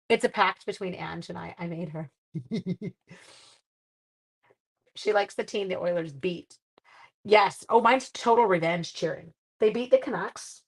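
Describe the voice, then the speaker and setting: A woman's voice: mid-range voice, lively intonation, unhurried, vocal fry, pauses often, fairly bright tone. A middle-aged woman hosting a live stream, chatting casually with viewers and reading their comments while she makes cards. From Canada. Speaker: live-stream crafting host.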